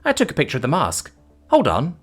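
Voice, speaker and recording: A man's voice: fairly high pitch, wildly swooping pitch, brisk, fairly bright tone, soft background music, voice pushed up, heavily acted. Valerie, a man voicing a brash mocking ex-CEO woman. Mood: laughing. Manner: sarcastic, theatrical, gleeful. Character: brash witty female ex-CEO, mocking captors. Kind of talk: audiobook character voice.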